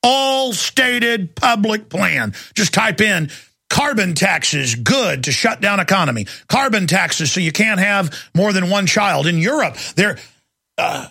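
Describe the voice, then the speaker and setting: Gravelly man in a sarcastic rant. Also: high-pitched, expressive, slow, pushed and bright, dry recording, clean studio sound. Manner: angry, sarcastic ranting. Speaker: talk show host. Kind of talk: ranting talk show monologue.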